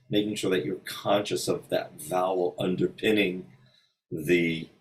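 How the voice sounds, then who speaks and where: A man with a low voice walks through singing technique at a slow pace. He thinks aloud and pauses often. Now and then he sings a short example to show his point. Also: darkish tone, recorded from a distance, poor audio. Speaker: voice teacher. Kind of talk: informal singing lesson with sung examples. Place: hotel room.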